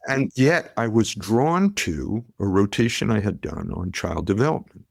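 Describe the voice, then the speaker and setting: Middle-aged man, gravelly low voice, lively yarn-spinning guest, dry close mic. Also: unhurried, dry recording. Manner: animated storyteller, acts out quotes. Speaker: podcast guest, pediatrician. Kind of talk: conversational storytelling.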